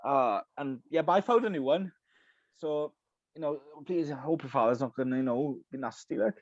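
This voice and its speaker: A man's voice: fairly high pitch, a little fast, darkish tone, no room sound, lo-fi sound. A man co-hosting a podcast, telling a story in casual chat, stumbling over his words, repeating himself and laughing often. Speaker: podcast co-host.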